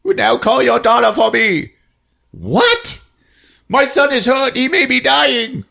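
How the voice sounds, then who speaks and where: A man's voice: extremely high pitch, sing-song, takes it slowly, vocal fry, pushed and bright, voice pushed up, full character voice. A man voicing a vengeful mother with a sickly sweet, polite manner that turns menacing. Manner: sugary politeness turning to screaming rage.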